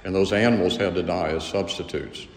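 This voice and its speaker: A man teaching a theology lecture in a measured, earnest way, often restarting his phrases. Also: low-pitched, steady tone. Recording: echoey hall, faint room noise.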